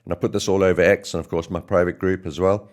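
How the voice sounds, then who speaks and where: A hoarse man hosting a casual trading market update, talking through his positions chart by chart. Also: low-pitched, little pitch movement, fast talker, a little mellow. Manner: chatty, self-correcting. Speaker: market analyst host.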